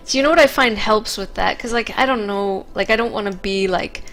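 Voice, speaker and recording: A woman's voice: medium pitch, fairly quick, fairly bright tone, soft background music. A woman co-hosting a casual podcast, chatty and frank, peppering her talk with "like". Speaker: co-host.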